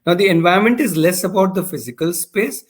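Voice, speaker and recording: Man explaining, fairly high voice. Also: fast talker. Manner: thoughtful, explains with examples, frequent restarts. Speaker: founder of a learning community, guest. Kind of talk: casual conversation.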